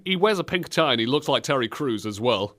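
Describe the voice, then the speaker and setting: A man's voice: mid-range voice, expressive, a little fast, a bit bright. A man hosting a casual comedy chat about games, joking and putting on silly voices. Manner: jokey, puts on silly voices and accents. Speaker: podcast host.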